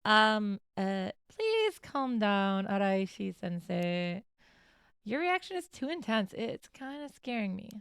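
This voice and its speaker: A woman's voice: medium pitch, sing-song, takes it slowly, fairly bright tone, smooth, no room sound, studio quality, full character voice. A woman voicing a polite young female student in a game, speaking courteously and pleadingly.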